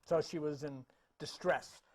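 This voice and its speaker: A man with a high voice retells an old myth while pointing out paintings. His delivery is casual and conversational, full of restarts and the odd chuckle. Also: fairly even intonation, a little slow. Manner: chatty, laughs and restarts, conversational fillers. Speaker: speaker telling a myth about paintings. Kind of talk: casual storytelling talk.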